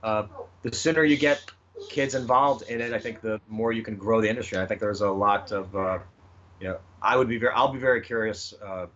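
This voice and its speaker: A man's voice: fairly low pitch, a little fast, fairly bright tone. A man answering interview questions about his children's book, hesitant, with many fillers and restarts. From United States. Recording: slightly muffled with faint noise.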